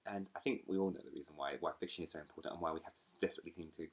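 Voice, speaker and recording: A man's voice: a bass voice, very fast, slightly rough. A man chatting casually to camera at home as a book vlogger, rambling between asides and laughing easily. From United Kingdom.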